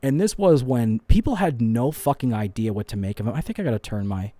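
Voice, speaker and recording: A man's voice: medium pitch, lively intonation, fairly quick, mellow, no room sound. Rambling, foul-mouthed male live-stream host. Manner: rambling, swears a lot, self-deprecating. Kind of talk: casual live-stream chat. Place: home studio with lights. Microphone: studio microphone.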